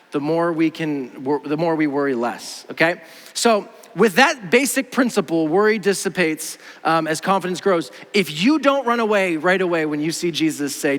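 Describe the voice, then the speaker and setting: A man in his thirties preaching a sermon in a casual, animated way, acting out quoted voices. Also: on the high side, a little fast. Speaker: pastor. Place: church auditorium. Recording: long hall reverb.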